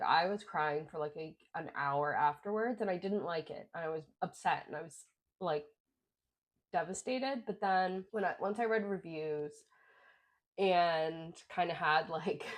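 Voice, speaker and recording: Chatty young woman rambling about books. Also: lowish voice. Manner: chatty, rambling with many "like" fillers. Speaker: book vlogger. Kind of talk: casual book review chat.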